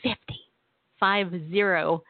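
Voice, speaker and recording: A woman's voice: medium pitch, steady tone, slow, no echo. Woman in her forties, radio host, giggly chatty talk, tinny phone-like sound, dry. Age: 40s. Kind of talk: casual chat. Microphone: phone or webcam on a live stream.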